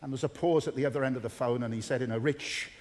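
A man's voice: medium pitch, steady tone, very fast, darkish tone. A man delivering a sermon to a congregation in an earnest, emphatic way, repeating key phrases for weight. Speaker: preacher.

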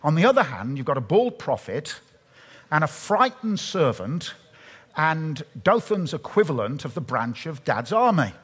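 A man preaching a sermon, telling stories animatedly and dropping to a hush at times. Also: a little high, measured pace, breathy edge. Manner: animated storytelling, shifts from hushed to loud. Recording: long reverb of a large hall.

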